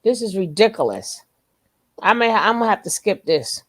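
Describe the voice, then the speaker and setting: A woman's voice: medium pitch, sing-song, moderate pace. A woman giving reaction commentary, emphatic and blunt, repeating her phrases again and again. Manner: blunt, curses then apologizes.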